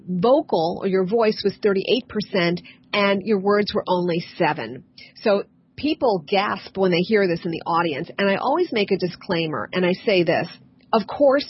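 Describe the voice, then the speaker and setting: A woman's voice: mid-range voice, slightly rough. A woman communication coach explaining in an interview, emphatic and repeating her key points. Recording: dull lo-fi recording.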